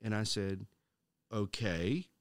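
A middle-aged man co-hosting a casual Christian podcast, telling a story with halting restarts and acting out the voices of the people in it. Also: fairly low pitch, dry recording, studio quality. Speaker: podcast co-host.

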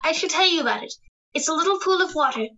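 A woman's voice: high voice, animated, fast, bright, forceful tone, dull audio. A woman voicing a playful, affectionate teenage daughter in a radio drama, teasing and bubbly. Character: playful, adoring teenage daughter putting her hair up.

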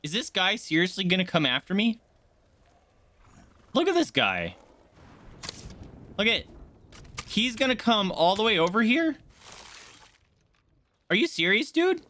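A man live-streaming a game, chatting casually and excitably with his viewers from a home setup. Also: high voice, a little slow, long pauses. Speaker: gaming streamer.

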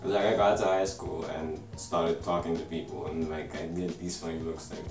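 Deep-voiced twenties vlogger with an American-sounding accent, laid-back rambling delivery, recorded a little off-mic with faint music behind. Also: male voice, brisk, hardly any pauses, distant mic. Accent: American-sounding English. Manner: relaxed, rambling, full of "like". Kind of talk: casual storytelling to camera. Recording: roomy and a bit off-mic.

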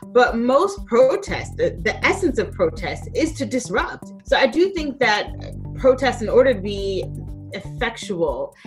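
A woman historian giving thoughtful interview answers, pausing with fillers as she thinks. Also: a little high, sing-song. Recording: faint music behind.

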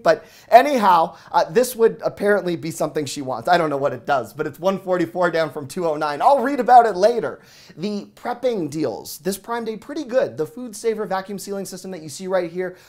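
A man in his thirties hosting a deals show, rattling off prices in an excited, auctioneer-like patter while he sweats. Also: sits high. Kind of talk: fast product deal rundown.

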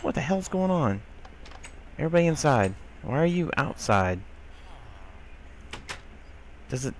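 A man's voice: on the high side, big pitch swings, measured pace, slight background noise. A man commenting casually on a game he is playing, grumbling and scolding the characters on screen. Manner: exasperated, grumbling, talks to game characters, mild swearing. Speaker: gameplay commentator. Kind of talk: casual let's-play commentary.

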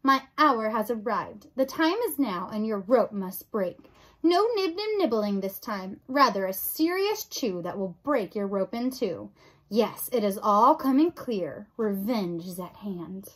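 A woman voicing a sly, scheming male rat who speaks in a hushed, silky way. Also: mid-range voice, sing-song, a little slow, breathy edge.

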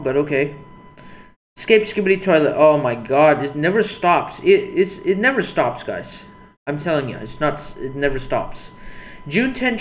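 A young man talks over his screen in a loose, rambling way, restarting sentences and putting himself down. His voice sits a little high for a man. A faint hum of background noise runs under his desk mic. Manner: rambling, self-deprecating, restarts a lot. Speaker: YouTuber. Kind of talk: casual screen-recorded commentary.

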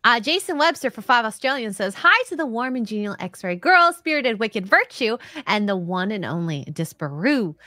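Playful woman on a stream, bright lively voice, dead dry sound. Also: fairly high pitch, moderate pace, hardly any pauses, dry recording. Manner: playful, reads donations aloud. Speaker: co-host. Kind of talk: casual chat.

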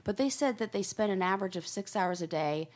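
A woman's voice: medium pitch, expressive, fairly quick, a little mellow. A woman in her thirties co-hosting a podcast, chatting casually and animatedly, shrieking in disgust now and then. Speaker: podcast co-host. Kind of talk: casual chat.

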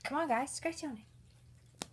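A woman narrating her pets at home while filming on a handheld phone, chatty and giggly, slipping into squeaky voices for the animals. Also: takes it slowly. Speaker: pet vlogger. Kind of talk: casual off-camera narration of pets. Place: indoors at home. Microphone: handheld phone camera.

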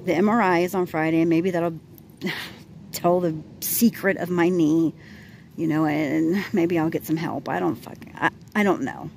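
A woman's voice: on the low side, steady tone, normal speed, vocal fry, darkish tone. A woman in her forties vents in a casual vlog, rambling and exasperated, with frequent restarts. She talks into a handheld phone while walking her dog outdoors, and faint passing traffic sits behind her voice. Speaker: vlogger.

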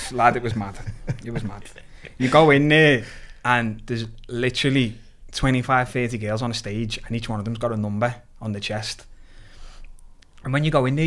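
A man on a podcast, telling stories in a casual chat and laughing as he goes. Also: medium pitch. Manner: animated, swears freely, laughs through his stories. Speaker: podcast guest. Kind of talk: casual storytelling.

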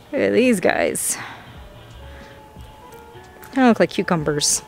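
A young woman filming a casual plant-shopping vlog in a nursery, gushing excitedly over the plants she finds. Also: lowish voice, slow pace, long pauses, faint music behind. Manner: excited, gushing, frequent gasps. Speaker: plant vlogger.

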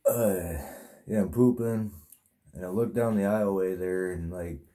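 Speaking a little slowly with fairly even intonation, this man has a low, dark voice. He tells his dream as a vlogger in a casual, meandering monologue that's crude, profane, and full of fillers.

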